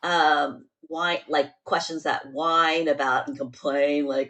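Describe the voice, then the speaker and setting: A woman's voice: sits low, steady tone, a little slow, few pauses, a bit bright. A woman hosting a podcast, talking bluntly and with exasperated asides in casual chat. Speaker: podcast host.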